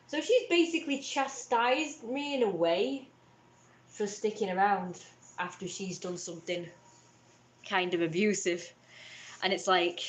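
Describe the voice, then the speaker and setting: Her medium-pitched voice is unhurried and the room sounds roomy. This young livestream host, picked up by a webcam or phone, rambles through an upsetting family conflict with many restarts.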